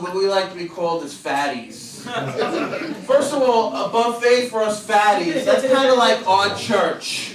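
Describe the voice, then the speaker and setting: A man's voice: high-pitched, distant mic. A man in his forties doing a stand-up comedy set on a club stage, with punchy self-deprecating delivery and acted-out voices, over audience laughter. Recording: echoey club taped from afar.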